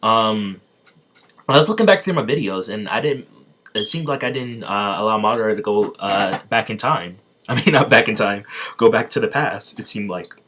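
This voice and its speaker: A man with a somewhat low-pitched voice narrating a made-up fan story in a casual chat style. He rambles, stops and restarts, and laughs often as he goes. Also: animated, moderate pace, a bit bright, slight background noise.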